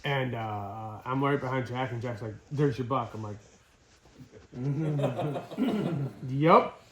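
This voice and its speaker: Middle-aged guy telling a deer hunting story, lively, laughs a lot, echoey room. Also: medium pitch, takes it slowly, slight background noise. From Wisconsin. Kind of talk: casual storytelling.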